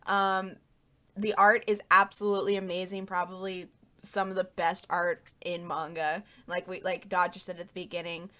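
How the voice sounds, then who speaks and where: Bright-voiced young woman podcast host. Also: lowish voice, flat delivery, normal speed. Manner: rambling, filler-heavy, laughs easily. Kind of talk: casual chat.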